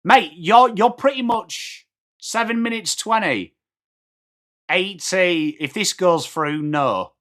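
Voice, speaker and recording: An Englishman hosts a live match watchalong stream, calling the play while chatting casually and answering viewer comments. His high voice is a bit bright, slow-paced, with lively intonation.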